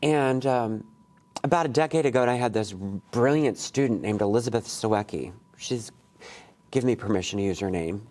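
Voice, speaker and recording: A man's voice: lowish voice, normal speed, a little mellow. A male poet leads a workshop for college students in a classroom. His talk is casual and digressive, full of asides and restarts. He is blunt and curses easily. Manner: candid and blunt, swears freely, rambling asides. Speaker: poetry workshop leader.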